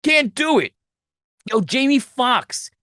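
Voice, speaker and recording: Animated, profane man reviewing a film. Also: extremely high pitch, slow, no room sound, studio quality. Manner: animated, profane, rambling storytelling. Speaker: podcast host. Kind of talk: casual movie review.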